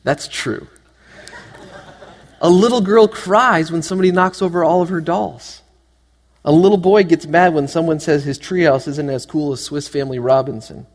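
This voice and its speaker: A man delivering a sermon with an animated, joking manner, firing rhetorical questions at his congregation. His voice sits a little high for a man. The sound carries a long reverb from a large church hall. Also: moderate pace. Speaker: pastor.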